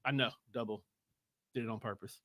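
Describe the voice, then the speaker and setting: A man's voice: medium pitch, steady tone, brisk, sharp tone, no room sound. A man co-hosting a casual podcast chat, teasing and laughing through the banter. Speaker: podcast co-host.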